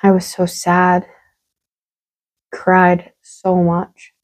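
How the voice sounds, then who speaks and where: A woman's voice: on the low side, monotone, drawn-out words, low-quality recording. A woman hosting a solo podcast monologue, talking candidly and emphatically, repeating words for stress and swearing freely. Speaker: podcast host.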